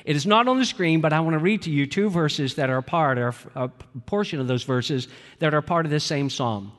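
A man's voice: fairly high pitch, animated, brisk, fairly bright tone, big-room sound. A man preaching a sermon as a pastor, emphatic, acting out quoted prayers with growing intensity.

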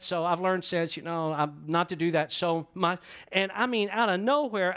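A middle-aged man preaching, telling an animated, self-deprecating story and asking the congregation questions. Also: sits high, clean tone. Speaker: pastor. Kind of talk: storytelling sermon. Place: church before a congregation.

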